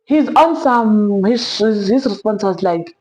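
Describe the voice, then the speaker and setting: A young South African woman telling a personal story in a sit-down vlog, animated and sprinkling in Zulu slang. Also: mid-range voice, unhurried, rough recording. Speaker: vlogger.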